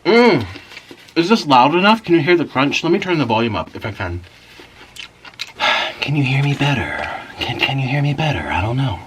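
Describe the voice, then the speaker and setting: A man's voice: mid-range voice, very animated, moderate pace, pauses often, fairly bright tone, slight background noise, low-quality recording. A man hosting an eating video, chatting casually and rambling while he eats and murmurs with each bite. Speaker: mukbang host.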